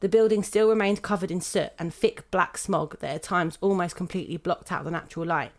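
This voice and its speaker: A young British woman hosting a podcast, reading a prepared script in a steady, measured way. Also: lowish voice. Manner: steady, measured reading, laughing now and then. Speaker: podcast host.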